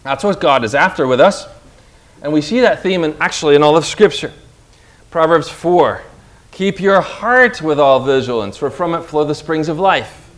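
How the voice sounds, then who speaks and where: A man's voice: fairly high pitch, animated, moderate pace. Emphatic male pastor preaching. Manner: emphatic, swinging from quiet to loud. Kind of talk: sermon with object lesson.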